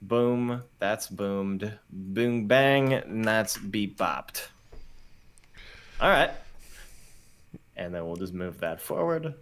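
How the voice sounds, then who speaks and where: Man tabletop player, giggly, slow drawl, bright voice. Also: on the low side, animated. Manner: giggly, playful, frequent laughter. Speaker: player, game designer. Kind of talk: casual comedic play.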